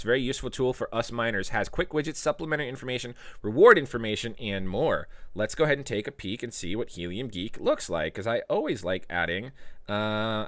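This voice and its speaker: A man hosting a casual live stream, reading viewer comments aloud and giving tips, with sudden loud playful outbursts. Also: medium pitch, no echo. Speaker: live stream host answering chat.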